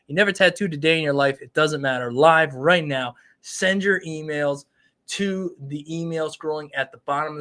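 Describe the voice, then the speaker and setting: A fairly high-voiced man in his thirties hosts a casual live stream. He rambles in an upbeat way and talks straight to his viewers. He sounds like a tattoo artist chatting off the cuff. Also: a bit bright.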